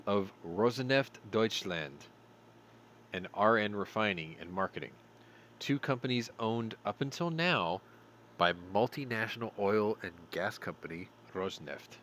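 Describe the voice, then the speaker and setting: A man with a lowish voice reads news stories aloud as a show host and keeps interrupting with sarcastic quips. He sounds tired, yet his pitch rises and falls widely. A faint hiss sits under the recording. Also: animated, a little slow, fairly bright tone. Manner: sarcastic asides between read headlines. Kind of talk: reading news stories with commentary.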